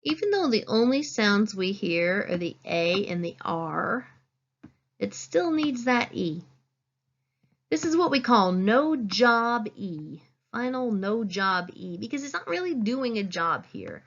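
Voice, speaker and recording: A woman teacher giving a phonics lesson, saying each word slowly and clearly and stressing it. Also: mid-range voice, sing-song, lo-fi sound. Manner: slow, clear teacherly dictation, stressing words.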